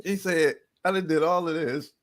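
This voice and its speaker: A man's voice: fairly high pitch, fairly even intonation, moderate pace. A man co-hosting a sports podcast in casual chat, animatedly retelling players' stories with slang and cursing. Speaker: podcast co-host. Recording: live stream call.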